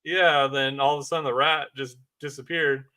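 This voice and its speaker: Brief: young male podcast co-host, bright forward tone, dry close mic, easygoing plot recap. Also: mid-range voice, fairly even intonation, normal speed, dry recording. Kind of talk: casual movie review chat.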